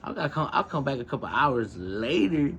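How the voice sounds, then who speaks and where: A man's voice: moderate pace, a little hiss or hum. Profane streetwise man telling stories. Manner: heavily profane, streetwise slang; animated, pitches up when quoting people. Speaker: podcast host. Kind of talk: casual personal storytelling.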